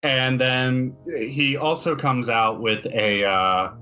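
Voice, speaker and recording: A man narrating scenes as the game master of a tabletop game, in a relaxed, descriptive way. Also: mid-range voice, slow, faint music behind.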